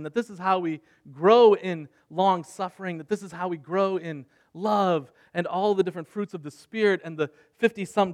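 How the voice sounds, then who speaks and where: A man preaching a sermon in an earnest way, moving between soft, quiet passages and louder emphatic ones. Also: sits high. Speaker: pastor.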